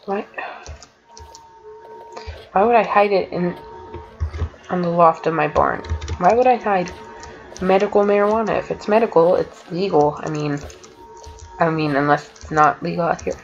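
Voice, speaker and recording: A woman giving let's play commentary, excitable and quick to exclaim. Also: lowish voice, highs cut off, faint music behind. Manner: exclaims often, giggly and excitable. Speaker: gamer playing an adventure map.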